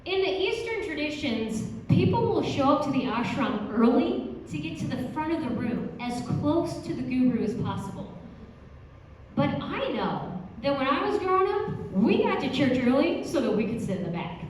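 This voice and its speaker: A woman's voice: high-pitched, big pitch swings, moderate pace. A woman doing a standup comedy set, chatty and peppering her lines with "you know". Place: comedy stage. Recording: echoey room from a distant mic with faint noise.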